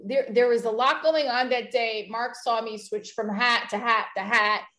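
A woman's voice: a little high, normal speed. A woman hosting and producing a show, chatting casually and animatedly in an interview. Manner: animated, laughs often. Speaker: host and producer.

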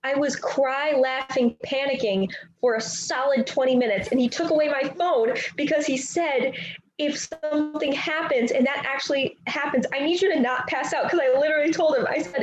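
Brief: expressive female co-host, fairly high voice, echoey room with faint hiss. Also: moderate pace, lo-fi sound. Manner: emotional, storytelling, laughs easily. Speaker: podcast co-host. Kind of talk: casual sports chat.

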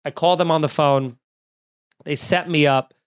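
A man telling a long, animated story in casual talk, swearing and acting out both sides of the calls he describes. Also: on the high side, measured pace, clear, resonant tone, no echo, clean studio sound.

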